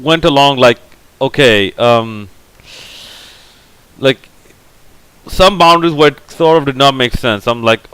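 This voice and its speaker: Man, casual film review, smooth clear voice, dry close sound, rambling, lots of fillers, blunt opinions. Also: medium pitch, slow pace, long pauses, fairly bright tone, dry recording, poor audio. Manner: rambling, heavy on fillers like "like, you know". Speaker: movie review vlogger.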